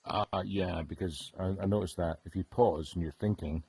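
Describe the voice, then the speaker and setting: A man colleague in a casual work meeting, chiming in quietly with short remarks. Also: low-pitched, normal speed, creaky, husky, dry recording.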